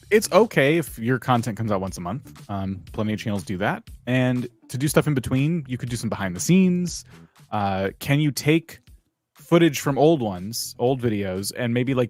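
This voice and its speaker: Relaxed man giving casual channel advice. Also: mid-range voice. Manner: relaxed, lots of "like" fillers. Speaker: co-host giving channel feedback.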